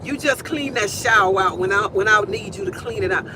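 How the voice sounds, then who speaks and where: A woman's voice: medium pitch, a little fast, noisy background. A woman in her forties hosting a live stream from her car, talking casually and emphatically and repeating phrases for stress, picked up on a phone.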